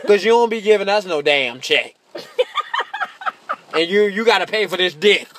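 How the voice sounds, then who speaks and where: A man doing a profane stand-up comedy monologue, brash, laughing often and slipping into shrill mocking voices. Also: expressive, normal speed, background noise.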